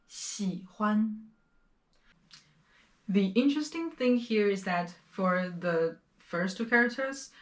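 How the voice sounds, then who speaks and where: A woman teaching a language lesson, explaining words and repeating pronunciations slowly and clearly. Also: lowish voice, roomy sound.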